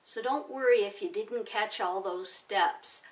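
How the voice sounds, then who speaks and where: A woman in her forties, a self-help teacher, calmly walking through a technique step by step with everyday examples. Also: mid-range voice, unhurried, recorded from a distance. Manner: calm, explaining step by step with plain examples. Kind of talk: instructional talk to camera.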